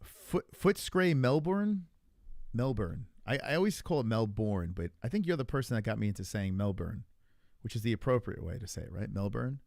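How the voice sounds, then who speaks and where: A man's voice: on the low side, lively intonation, brisk, gravelly, a little mellow, dry recording, clean studio sound. A man hosting a live stream, chatting casually and crudely with his viewers while reacting to videos. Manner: loose, rambling, crude, talks to chat. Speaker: streamer host.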